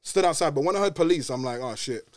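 A young man from West London with a London accent, telling a story in casual podcast chat, quick and slangy, saying bruv at every turn. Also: on the high side, no echo. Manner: fast and slangy, says bruv constantly. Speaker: podcast guest.

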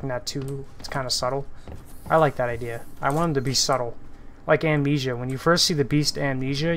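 Male streamer, mid-pitched, rambling and cursing over gameplay, prone to sudden yells. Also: a little hiss or hum. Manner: profane, excitable, with sudden shouts. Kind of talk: live gameplay commentary.

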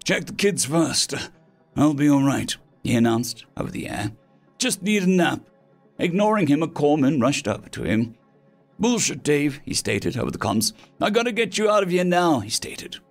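A man's voice: a little high, very animated, moderate pace, gravelly, faint music behind. A man voicing a weary, wounded male space marine corporal who speaks in short, clipped commands.

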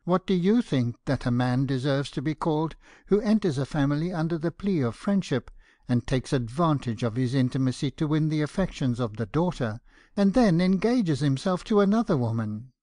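A man's voice: on the high side, animated, moderate pace, warm tone, dry recording, clean studio sound, natural voice. A man reading an audiobook and voicing a stern, indignant middle-aged father with a severe, accusing manner. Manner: severe, accusing, rising to outbursts. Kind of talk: audiobook character voice.

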